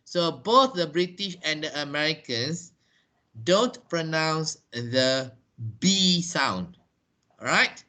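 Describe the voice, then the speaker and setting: A man teaching English pronunciation in an online lesson, talking slowly and deliberately and repeating words. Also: a little high, expressive, sharp tone.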